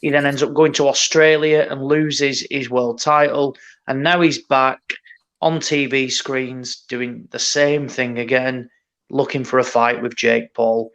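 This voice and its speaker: A man's voice: medium pitch, fairly even intonation, measured pace, a bit bright. A man co-hosting a casual boxing chat, blunt and mocking, with plenty of swearing. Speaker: podcast co-host.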